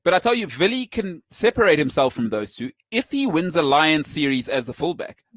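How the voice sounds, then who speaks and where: A man hosting a sports talk show, teasing his co-host in a playful, animated way. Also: a little high, a little fast, dry recording.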